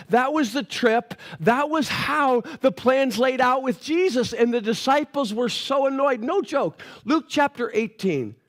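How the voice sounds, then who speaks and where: A man preaching a sermon as pastor, telling the story in a casual, animated way with playful voices for the characters. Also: very high voice. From Canada.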